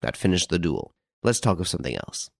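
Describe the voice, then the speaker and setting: A man reading the lines of a composed, worldly aristocratic adventurer in a storybook, calm and self-assured. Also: low voice, brisk, vocal fry, no room sound, studio quality, exaggerated voice.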